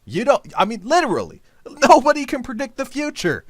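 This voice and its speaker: A man's voice: very high voice, wildly swooping pitch, a little fast, no echo. A man hosting a gameplay video, rambling with absurd jokes and calling the listener dude. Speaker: gaming video host.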